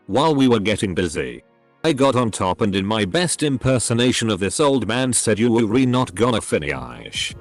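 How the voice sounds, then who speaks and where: Low-voiced male story narrator. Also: dry recording. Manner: reads posts aloud, spelling out censored words. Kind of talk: scripted narration of online posts.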